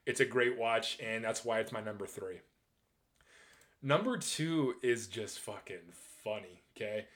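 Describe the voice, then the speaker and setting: A man in his twenties talking casually and excitably, rambling through his thoughts with frequent restarts and casual swearing. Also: on the low side, measured pace. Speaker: movie reviewer. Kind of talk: casual ranking chat.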